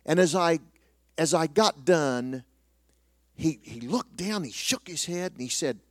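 A middle-aged man preaching, telling a personal story in a self-deprecating way with many restarts, sometimes dropping to a hushed voice. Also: on the high side, lively intonation, a little slow, no echo, studio quality. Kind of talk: sermon storytelling.

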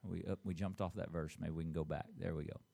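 Deep-voiced man preaching to a congregation. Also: level tone, vocal fry, dark tone. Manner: preaching with call-and-response to the congregation; reads scripture aloud in a slow, drawn-out voice. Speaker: pastor. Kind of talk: church announcements and sermon.

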